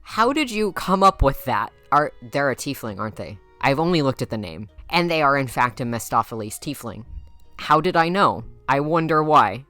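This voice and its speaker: A young Midwestern woman roasts things in a low voice that jumps up and down a lot. She teases playfully and laughs between her jabs. Faint music plays underneath. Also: lively intonation, moderate pace, pushed and bright, dry recording. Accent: Midwestern American. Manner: teasing, playful, laughs often. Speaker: YouTuber. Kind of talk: comedic roast commentary.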